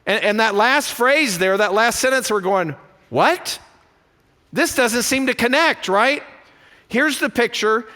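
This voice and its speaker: Man, pastor, sermon, high voice, bright tone, animated questions. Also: long reverb tail. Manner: animated, asks rhetorical questions. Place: church sanctuary.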